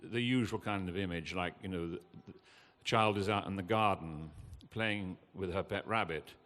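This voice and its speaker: An older man, giving an impassioned, earnest talk from a festival stage, halting with fillers now and then. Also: sits low, a bit bright. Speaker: guest speaker at a festival. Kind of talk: emotional public talk. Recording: long hall reverb.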